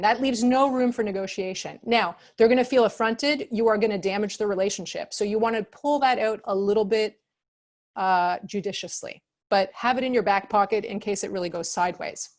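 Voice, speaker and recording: A woman presenting as an expert in an online workshop, speaking calmly and conversationally with many fillers, acting out example phrases in changed tones. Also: medium pitch, brisk. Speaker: expert speaker on customer service.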